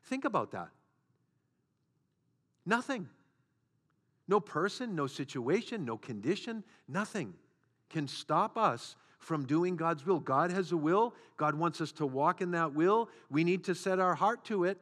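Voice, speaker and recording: A man's voice: on the high side, lively intonation, moderate pace, fairly bright tone. A man preaching a sermon as a pastor, with repeated phrases and rhetorical questions. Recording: long hall reverb.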